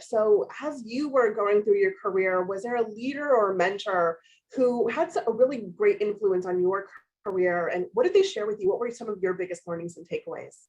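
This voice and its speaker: A woman at a mid pitch hosts a panel and keeps it moving. She responds to each speaker in an upbeat, affirming way. The audio comes through a little dull and muffled. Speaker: panel moderator. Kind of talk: moderating a panel discussion.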